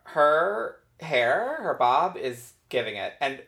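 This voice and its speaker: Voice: mid-range voice, very animated, slow, gravelly, fairly bright tone. A podcast co-host chatting casually about a TV episode, gossipy and rambling, with plenty of fillers and tangents. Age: older than co-host. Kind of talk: casual chat recapping a TV episode.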